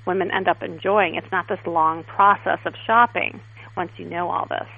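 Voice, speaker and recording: A woman guest stylist in a casual interview, telling stories in a chatty, animated way. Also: on the low side, normal speed, gravelly. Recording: tinny phone line.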